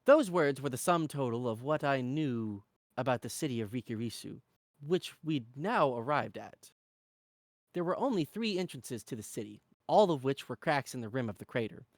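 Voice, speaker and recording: A man reading a fantasy novel aloud in an expressive, animated way. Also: medium pitch, moderate pace, no room sound, studio quality. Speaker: reader.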